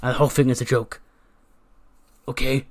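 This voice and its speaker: A man voicing a menacing, threatening male wrestler, loud and taunting in a game story. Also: medium pitch, fairly even intonation, slow pace.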